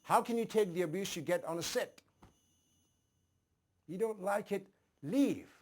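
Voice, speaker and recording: A man's voice: high-pitched, measured pace. A man playing a raging, insulting male sales boss. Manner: shouting, insulting.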